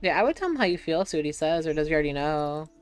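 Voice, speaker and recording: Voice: medium pitch, lively intonation, very fast, faint music behind. A young adult streamer from Georgia, chatting casually, swearing freely and telling stories. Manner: laid-back, swears freely, tells stories in quoted voices. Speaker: streamer host. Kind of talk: casual chat.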